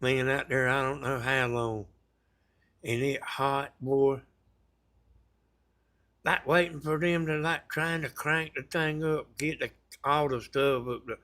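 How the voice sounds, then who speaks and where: Southern man vlogger, mid-pitched, folksy rambling storyteller. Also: steady tone, takes it slowly, bright, forceful tone. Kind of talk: casual storytelling to viewers.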